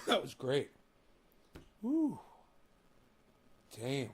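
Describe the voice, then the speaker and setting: Man with a high voice, casual vlog rant, cursing, loud outbursts, coughing fits. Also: normal speed. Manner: profane, ranting, swings between shouting and mumbling. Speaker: vlogger.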